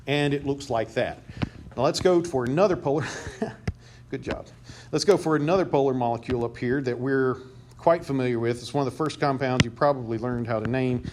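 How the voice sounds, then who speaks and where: A man giving a chemistry lecture to a class, quizzing students and joking as he goes. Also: mid-range voice. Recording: noisy classroom recording.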